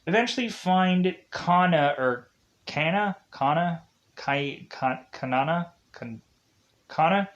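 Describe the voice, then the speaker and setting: A man giving a casual, rambling plot recap of a movie, full of fillers and self-corrections. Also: mid-range voice. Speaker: movie reviewer.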